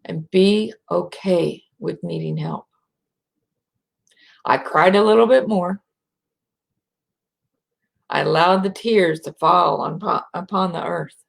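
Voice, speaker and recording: A middle-aged American woman with a slight rural twang, speaking softly and reflectively as a spiritual speaker, sometimes dropping into a whisper to guide breathing. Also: fairly low pitch, creaky. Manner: slow, soft, drops to a whisper at times.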